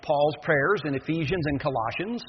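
An older man preaching a sermon as pastor, reading scripture then explaining it in a measured, earnest way. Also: fairly high pitch, expressive, a little hiss or hum. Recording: echoey dull lo-fi hall recording.

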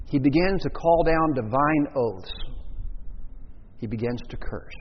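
A man's voice: fairly high pitch, animated, a little slow, breathy edge, long reverb tail, dull audio. A man preaching a sermon, telling a story and acting out the voices of the people in it. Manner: storytelling, acts out quoted voices.

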